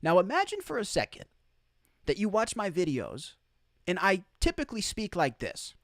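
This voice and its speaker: A man's voice: high voice, wildly swooping pitch, normal speed, dry recording, studio quality. A man hosting an opinion commentary, talking emphatically and incredulously, often repeating his points for effect. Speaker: commentary host.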